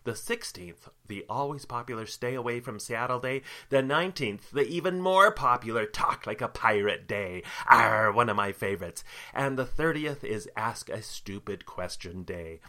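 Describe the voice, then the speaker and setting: A man's voice: medium pitch, animated, normal speed, bright, forceful tone. A man hosting his own solo podcast, talking through workplace tips in an upbeat, lightly joking way. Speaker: podcast host.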